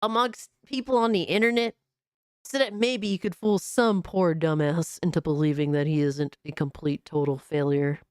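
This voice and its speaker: A woman's voice: low voice, steady tone, moderate pace, clear, resonant tone, no echo, clean studio sound. A woman hosting a gaming stream, mocking a video in casual, profane reaction commentary. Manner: mocking, profane, laughs at the clip.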